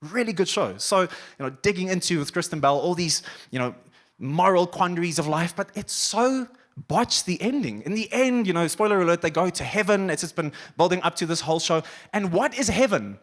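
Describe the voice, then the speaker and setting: A man preaching a sermon as pastor, animated, acting out quoted voices and dropping to quiet intensity. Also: sits high, brisk. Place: church auditorium.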